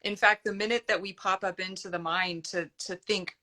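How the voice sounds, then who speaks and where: A woman's voice: mid-range voice, moderate pace, pushed and bright. A woman hosting a conversational interview, affirming and reflecting back her guest's points. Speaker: host.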